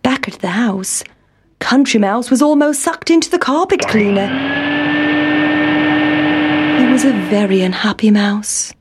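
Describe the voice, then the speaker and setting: A woman narrating a children's fable in a clear, measured way and putting on squeaky mouse voices. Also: expressive, background noise. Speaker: storybook narrator. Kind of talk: scripted children's story reading.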